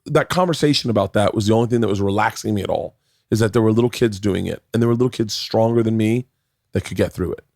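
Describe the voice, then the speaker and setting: Podcast guest, man, 40s, low voice, loose rambling talker, dry close mic. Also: fast talker, a little mellow, dry recording. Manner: rambling, restarts often, swears. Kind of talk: casual chat.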